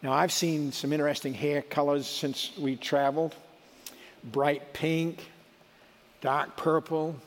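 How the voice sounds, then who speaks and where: A man's voice: on the high side, little pitch movement, slow pace, big-room sound. A middle-aged man giving a sermon in a conversational, folksy way, with asides and restarts. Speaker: preacher.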